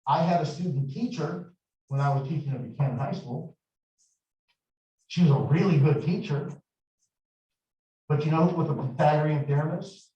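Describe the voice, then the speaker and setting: A middle-aged man lectures a math class in a slightly high voice, slow and deliberate, with chatty digressions between points. He sounds far from the mic in a strongly echoing room. The recording is dull and muffled. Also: dark tone. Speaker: math instructor. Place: large echoey classroom.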